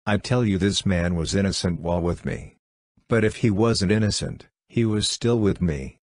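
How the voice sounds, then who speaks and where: A man voicing a proud young noblewoman who speaks out in a clear, quivering, courageous way. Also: low-pitched, normal speed, darkish tone, dry recording. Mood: fierce.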